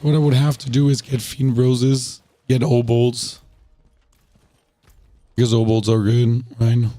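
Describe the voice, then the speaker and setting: A man's voice: mid-range voice, level tone, measured pace, dark tone, no echo. A man who has lost his voice, chatting casually to viewers while streaming a game, rambling and asking them rhetorical questions. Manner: rambling, repeats himself, asks chat rhetorical questions.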